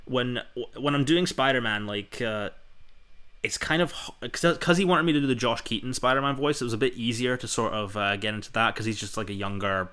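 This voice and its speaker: A man's voice: mid-range voice, brisk, sharp tone, smooth. A young man hosting a casual chat, telling stories in a rambling, enthusiastic way full of fillers. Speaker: podcast host.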